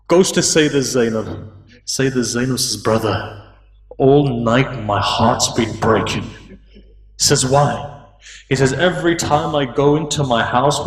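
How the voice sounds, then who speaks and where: A man preaching a sermon, telling a story and voicing its figures, rising to high, pleading peaks. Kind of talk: emotional religious sermon storytelling. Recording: echoey room, distant mic.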